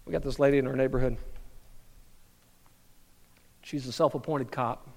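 A pastor preaching a sermon in a church hall, telling stories, repeating words and asking the crowd questions. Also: male voice, mid-range voice, steady tone, normal speed, vocal fry. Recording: long hall reverb.

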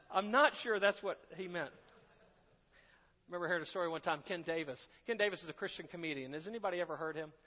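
Man preaching in a conversational style, high voice, long reverb. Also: quick pace, dull audio. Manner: conversational, with asides and restarts. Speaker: pastor. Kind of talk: sermon.

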